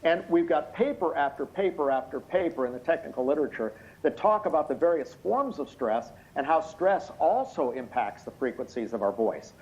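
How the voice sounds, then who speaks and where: A tired, slightly hoarse man giving expert courtroom testimony over a video call, explaining things in a measured way with many hesitant fillers. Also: on the high side, big pitch swings, a little mellow. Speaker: expert witness. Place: indoor room at night. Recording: muffled video call audio.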